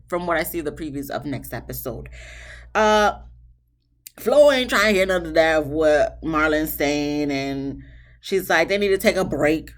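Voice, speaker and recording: Woman reviewer, lowish voice, chatty and slangy, talks straight to camera. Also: lively intonation, measured pace. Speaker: TV show reviewer. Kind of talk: casual episode recap.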